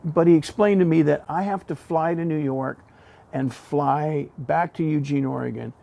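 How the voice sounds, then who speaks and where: Speaking at normal speed in a fairly high voice with vocal fry, a middle-aged blues singer and harmonica man relates a relaxed story. He brings it to life animatedly, performing the quoted voices of the characters in it.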